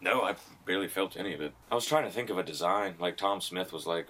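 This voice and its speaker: A man's voice: deep voice, fast, pushed and bright. A man hosting a podcast, telling rambling stories in casual chat and laughing often. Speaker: podcast host.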